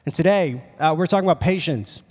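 A young man preaching a casual, animated sermon, telling stories with lots of "like"s. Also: a little high, fast, breathy edge. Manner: casual, animated storytelling with many "like"s. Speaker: pastor. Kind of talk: youth sermon. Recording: long reverb of a hall.

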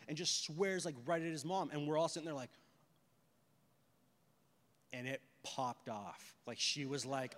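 High, bright-voiced preacher man. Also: normal speed, long reverb tail. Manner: animated storytelling with rhetorical questions. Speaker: pastor. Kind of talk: sermon.

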